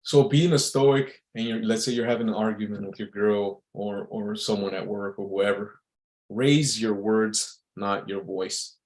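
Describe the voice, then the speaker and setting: A man's voice: lowish voice, fairly even intonation, a little slow, darkish tone. A man talking in a casual, rambling monologue as an entertainer, full of fillers and restarts.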